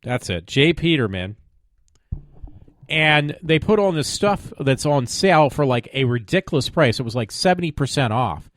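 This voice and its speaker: A podcast host chats casually on his own web show from home, speaking into a desk mic with a medium-pitched voice that swings widely in pitch at a moderate pace. He rambles, fills the air with fillers, trails off, and slips into sarcastic mock pleading.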